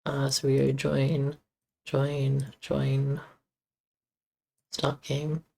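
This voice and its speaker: A woman with a very low voice talks through her game code on a live stream. She speaks slowly and haltingly, muttering questions to herself as she debugs, with a relaxed, unhurried pace. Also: vocal fry, slightly rough. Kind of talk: casual live-stream coding commentary.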